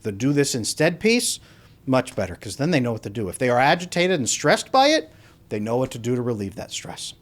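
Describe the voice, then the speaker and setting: A man speaking as an attachment coach, teaching how to give feedback and acting out sample dialogues as he goes. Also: mid-range voice. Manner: animated, acts out sample dialogues. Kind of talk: instructional talk to camera.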